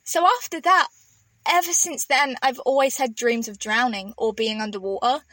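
A young woman co-hosting a casual podcast, playful and quick to laugh while telling stories. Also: on the high side, bright, forceful tone, no echo. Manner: playful storyteller, laughs often. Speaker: podcast co-host. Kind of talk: casual chat.

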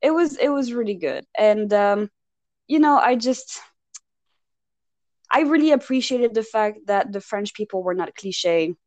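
A woman's voice: medium pitch, lively intonation, unhurried, darkish tone, no room sound. A woman co-hosting a podcast, chatting casually and rambling about a film with lots of fillers and asides. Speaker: podcast co-host. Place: lived in Paris.

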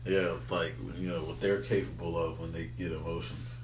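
A man's voice: deep voice, little pitch movement, moderate pace, echoey room, noisy background. A man co-hosting a podcast who chats in a laid-back, joking way. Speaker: podcast co-host. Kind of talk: casual chat.

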